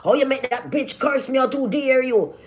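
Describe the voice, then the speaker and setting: A woman's voice: high-pitched, normal speed. Jamaican woman ranting at someone. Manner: scolding, confrontational, rhetorical questions. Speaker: vlogger. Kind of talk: ranting vlog.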